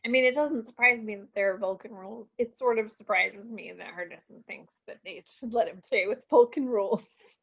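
A woman chatting casually about a TV episode, reasoning things through in a measured way. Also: medium pitch, creaky, a bit bright, husky, rough recording. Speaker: podcast co-host. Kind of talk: casual recap chat.

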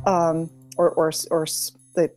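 A woman's voice: low voice, little pitch movement, darkish tone, soft background music. A middle-aged woman from New England chatting casually about a TV show, often restarting her sentences. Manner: halting, many restarts. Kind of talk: casual chat.

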